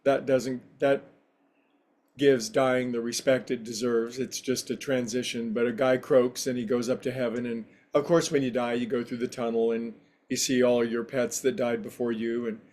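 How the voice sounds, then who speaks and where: A man's voice: mid-range voice, level tone, normal speed, a little mellow. A man who teaches yoga and meditation, giving a casual spiritual talk in a rambling, anecdotal, conversational way.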